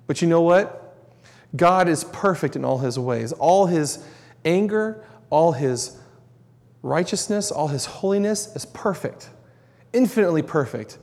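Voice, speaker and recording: A man with a slightly high, somewhat mellow voice delivers a sermon at a measured pace with lively intonation. He is earnest and emphatic, repeating words to hammer his points home, and a long reverb from a large hall surrounds him.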